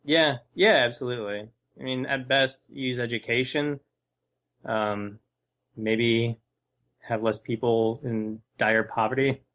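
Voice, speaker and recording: A man co-hosting a podcast, talking in a relaxed, rambling way with casual cursing. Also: mid-range voice, takes it slowly. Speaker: podcast co-host. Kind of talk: casual chat.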